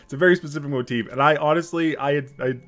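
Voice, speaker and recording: A man in his thirties giving casual reaction commentary on a game, excitable, swearing and laughing often. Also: fairly high pitch, fast talker. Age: 30s.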